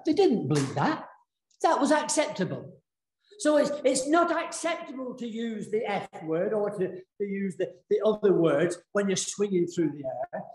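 A man's voice: sits high, a little mellow. Northern english guy preaching in church, earnest, lots of restarts, echoey room. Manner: earnest, storytelling with many restarts. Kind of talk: sermon.

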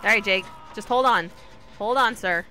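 A woman streamer giving casual commentary while she plays, chatty and talking to her teammates and the killer, with sudden excited yelps. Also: medium pitch, moderate pace, a little hiss or hum. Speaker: gaming streamer.

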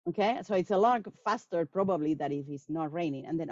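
A woman answering questions after a talk on language teaching, animated and acting out quoted students. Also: low voice, a little fast, hardly any pauses, dry recording. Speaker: guest speaker on language teaching. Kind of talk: lecture Q&A answer. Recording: dull lo-fi sound.

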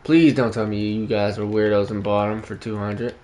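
A man's voice: fairly low pitch, flat delivery, moderate pace, darkish tone. A man streaming a video game, chatting casually and in slang with his viewers and jokingly scolding them. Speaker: gaming streamer. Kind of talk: casual live-stream chat while playing.

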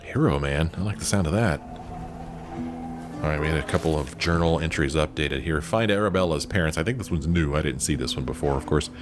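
A man's voice: very deep voice, fairly quick. A man hosting a let's play, chatting casually and reading dialogue options aloud. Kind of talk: casual game commentary. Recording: faint game music behind.

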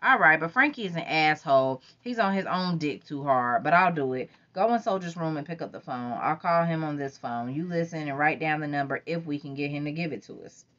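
A woman's voice: low-pitched, lively intonation, a little fast, hardly any pauses, fairly bright tone. Woman voicing Lauren, a sassy young New Yorker. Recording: dull lo-fi recording.

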